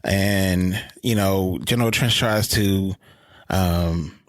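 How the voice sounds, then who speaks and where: A man co-hosting a podcast in casual chat, animated as he recaps scenes and laughs often. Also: low-pitched, slow, no room sound. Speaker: podcast co-host.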